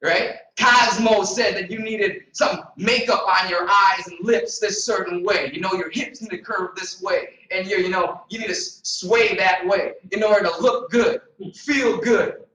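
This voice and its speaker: High-voiced man preaching success in echoey room. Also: unhurried. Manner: energetic, repetitive, preacher-like emphasis. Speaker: motivational trainer. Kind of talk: motivational seminar talk. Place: meeting room in front of a group. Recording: echoey room, distant mic.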